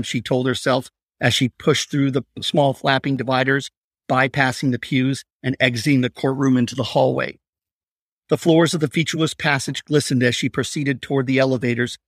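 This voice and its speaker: A man reading a suspenseful crime story aloud in a steady, measured way. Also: mid-range voice, no echo, studio quality. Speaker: narrator. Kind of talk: scripted story narration.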